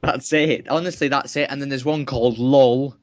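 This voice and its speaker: A man co-hosting a casual podcast chat, cutting in with quick, teasing remarks. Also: mid-range voice, steady tone, a little hiss or hum. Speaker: podcast co-host.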